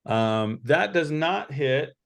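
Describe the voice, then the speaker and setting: A man narrating as game master, pausing often with fillers and restarts. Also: a little high, expressive, gravelly. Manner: halting, many fillers and restarts.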